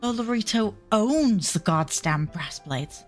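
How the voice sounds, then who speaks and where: A woman's voice: medium pitch, animated, slow pace, soft background music. A woman voicing a harried male reformer in a put-on Cockney accent, agitated and given to cursing outbursts. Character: harried male reformer fleeing powerful enemies.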